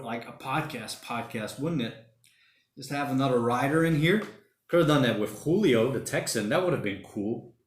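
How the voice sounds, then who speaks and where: A man in his thirties hosts a laid-back livestream from home, chatting through viewer comments and wandering from thought to thought. His voice sits at an ordinary middle pitch. The room around him is noticeably echoey. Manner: rambling, thinking out loud, says mate and man a lot. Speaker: livestream host reading viewer chat. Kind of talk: casual solo livestream chat. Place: home during lockdown. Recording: roomy home room echo.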